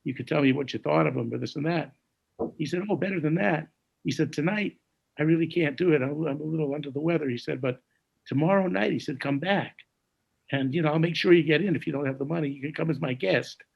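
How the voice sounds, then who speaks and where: Gravelly-voiced man in his sixties. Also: on the high side, fast talker, dull audio. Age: 60s. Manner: gravelly, hushed when quoting others, scats melodies. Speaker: jazz saxophonist telling stories. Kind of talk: conversational storytelling.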